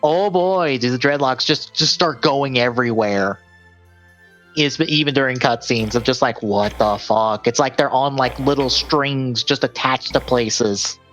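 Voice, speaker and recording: A man's voice: medium pitch, a little slow, a bit bright, soft background music. A man co-hosting a gaming podcast, chatting casually and reading out game release lists, rambling and correcting himself. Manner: rambling, self-correcting, laughs often. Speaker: podcast co-host.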